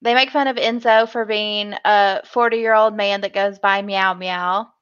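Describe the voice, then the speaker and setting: A woman's voice: mid-range voice, steady tone, measured pace, fairly bright tone, smooth, muffled recording. A woman co-hosting a casual reality TV chat show, giggly and playful. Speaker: co-host.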